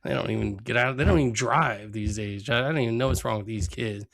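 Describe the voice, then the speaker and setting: A man's voice: mid-range voice, fairly quick, gravelly, fairly bright tone. Laughing male podcast co-host. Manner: laughs often, acts out quoted lines. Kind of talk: casual chat, retelling scenes.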